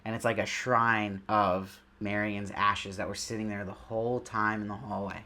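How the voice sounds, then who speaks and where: A man's voice: lowish voice, flat delivery, normal speed, bright, forceful tone. Enthusiastic male TV reviewer. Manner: enthusiastic, conversational, asks the audience questions. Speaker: TV reviewer, show host. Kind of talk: casual spoken episode review.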